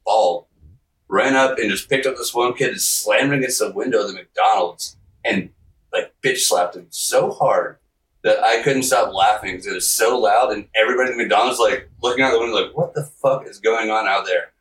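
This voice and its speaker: A man's voice: on the low side, moderate pace, fairly bright tone, reverberant, far from the mic, low-quality recording. A man on a podcast telling a rambling, profane story, laughing often and acting out the quotes. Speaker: podcast guest. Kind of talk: casual storytelling.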